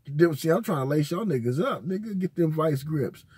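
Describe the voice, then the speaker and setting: A man's voice: fairly high pitch, animated, a little fast, a little mellow, slightly rough. A man, host of his own channel, telling casual, rambling, profane stories full of slang. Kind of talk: casual storytelling.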